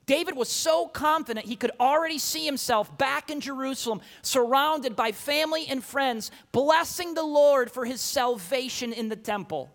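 A middle-aged man preaching a sermon, telling a personal story with animated swings from loud emphasis to quiet asides. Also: very high voice. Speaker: pastor.

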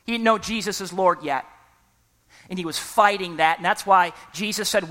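A preacher giving an emphatic sermon who often pauses for the congregation to fill in a word and keeps urging people to listen. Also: medium pitch, a bit bright, big-room sound. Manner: repeatedly urges listeners to listen.

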